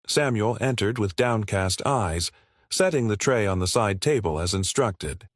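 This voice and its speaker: A man narrating a scripted story in a steady, measured way. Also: fairly low pitch, no room sound, studio quality.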